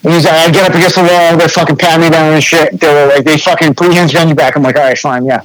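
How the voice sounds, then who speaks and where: Young New England man, casual podcast guest, slightly high voice, faint hiss behind. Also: steady tone, very fast, fairly bright tone, poor audio. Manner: laid-back, heavy swearing, lots of fillers. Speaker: podcast guest, graffiti artist. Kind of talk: casual storytelling chat.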